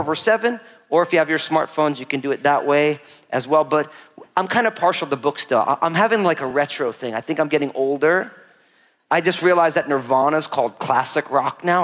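A man preaching a sermon in a relaxed, chatty storytelling way, peppered with "you know". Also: a little high. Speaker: pastor. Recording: long hall reverb.

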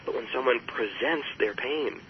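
A man who works as a therapist, speaking as an interview guest, explaining with emphasis and jumping higher when he quotes others. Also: animated, normal speed, gravelly, dull audio. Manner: emphatic, rises sharply on quoted voices. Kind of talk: earnest explanatory interview talk.

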